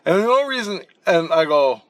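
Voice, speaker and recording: A man's voice: a little high, a little fast, no room sound. A man telling a long dream story in a casual, rambling way, blunt and profane, with frequent restarts and repeated words. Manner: animated, acting out the action as he tells it. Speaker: channel host recounting spirit-world dreams.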